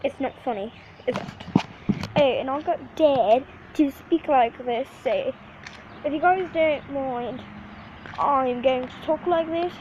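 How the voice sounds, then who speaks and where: A woman's voice: high voice, slow pace. A woman chatting playfully into her phone for a casual vlog, her voice swinging up and down as she talks. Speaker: vlogger. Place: home under remodeling, then outdoors in rain. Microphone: phone held in hand. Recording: muffled noisy phone recording.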